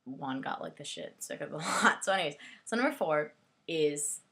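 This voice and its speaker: A woman's voice: deep voice, expressive, normal speed, vocal fry, fairly bright tone. A young woman casually reviewing a book and its film, chatty and giggly, full of "like" and asides. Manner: giggly, chatty, heavy use of "like". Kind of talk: casual rambling video review.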